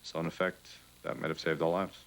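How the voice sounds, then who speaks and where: A man, a firefighter, calmly and reflectively recounting events in a documentary interview. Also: low voice, clear, resonant tone, poor audio. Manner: calm, measured and reflective. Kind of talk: first-hand account in a documentary interview.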